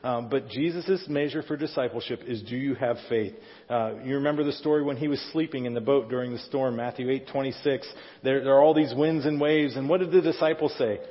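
With a medium pitch and slightly quick delivery, this middle-aged pastor preaches in a conversational manner, frequently asking his congregation questions. The sanctuary audio comes across dull amid the hall's reverberation.

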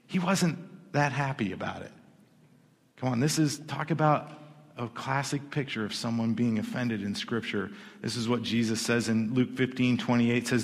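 A man preaches in a middle-pitched voice. He tells the story in a loose, chatty way, with asides and repeated starts. His words carry through a large hall with a long reverb. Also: moderate pace, gravelly. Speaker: pastor. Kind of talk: sermon.

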